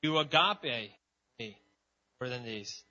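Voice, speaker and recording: A man voicing a calm teacher who asks a friend measured, probing questions. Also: medium pitch, exaggerated voice. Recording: dull lo-fi sound.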